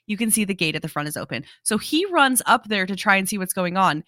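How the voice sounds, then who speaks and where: A woman's voice: mid-range voice, sing-song, quick pace, sharp tone, no echo, studio quality. A young adult woman co-hosting a podcast, explaining a movie's background at length and recounting scenes play by play. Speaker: podcast co-host. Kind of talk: casual movie discussion.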